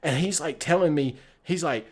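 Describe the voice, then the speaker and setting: A man's voice: a little high, moderate pace, husky. An American man streaming a text adventure game, giving casual, rambling commentary full of swearing and laughter. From United States. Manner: rambling, profane, laughs often.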